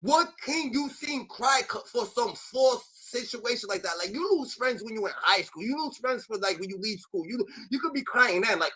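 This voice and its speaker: A man giving ranting commentary, animated and profane, packed with filler sounds. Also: very high voice, normal speed, few pauses, slightly rough, rough recording.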